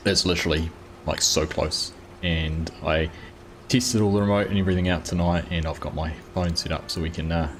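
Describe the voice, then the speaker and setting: A man talks casually through a live gameplay stream, welcoming viewers one by one in a relaxed, chatty way. His voice sits low and deep. A faint background hiss runs under the recording. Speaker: streamer, host of a live farming game stream. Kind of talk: casual live-stream commentary while playing.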